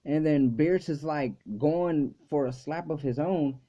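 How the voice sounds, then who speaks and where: A man's voice: a little high, unhurried. A man hosting a casual video review who talks loosely and swears a lot, with many fillers. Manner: loose and profane, full of "like" fillers. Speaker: anime reviewer and channel host. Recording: dull lo-fi recording.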